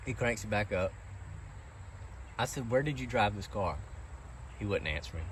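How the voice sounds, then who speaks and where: A man's voice: on the low side, expressive, normal speed, long pauses, a bit bright, a little hiss or hum. A man telling a long, aggrieved story about a car repair in a rambling, casual way.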